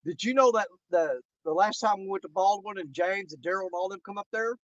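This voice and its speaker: High-voiced man telling stories. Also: brisk, no room sound. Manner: animated, indignant storyteller. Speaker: angler co-host. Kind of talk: casual chat. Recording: dull lo-fi recording.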